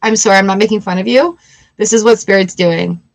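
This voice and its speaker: A woman's voice: medium pitch, fairly quick, creaky. A woman giving a live-streamed tarot reading in a chatty, emotional way, weepy and laughing often. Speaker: tarot reader.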